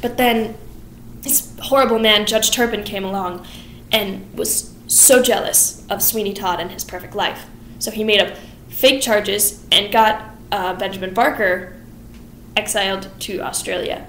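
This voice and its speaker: A young woman voicing an eccentric, gossipy old woman who runs a pie shop, telling a long story in a fast run-on way. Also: mid-range voice, a bit bright, reverberant, slight background noise, lightly acted.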